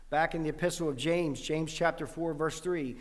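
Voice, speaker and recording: Preaching man in a reverberant hall. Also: a little high. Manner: reads verses with rising force, then explains plainly; clears throat often, some restarts. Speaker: pastor. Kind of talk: sermon with scripture reading.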